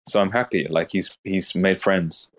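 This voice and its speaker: Brief: low-pitched man, relaxed and mocking on a group call. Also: moderate pace. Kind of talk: casual banter on an audio call.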